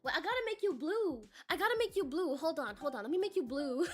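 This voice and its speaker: A woman's voice: high voice, expressive, fast talker. A woman streamer chatting casually with her viewers, bubbly and giggly, reading chat aloud and swearing now and then, while coming down with a cold.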